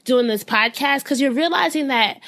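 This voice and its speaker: A woman's voice: sits high, normal speed, fairly bright tone. A woman hosting a podcast, chatting casually with short encouraging replies and easy laughter. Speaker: podcast host. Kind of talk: casual interview chat.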